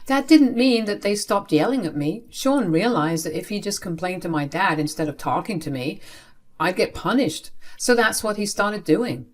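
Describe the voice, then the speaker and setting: A woman's voice: medium pitch, animated, normal speed. A young adult woman telling a first-person story in a plain, matter-of-fact way. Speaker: narrator.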